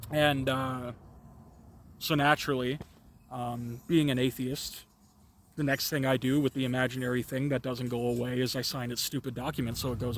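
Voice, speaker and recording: A man's voice: medium pitch, fairly bright tone, slight background noise. A man telling a personal story in an improvised monologue, rambling and profane with stammered restarts. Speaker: vlogger.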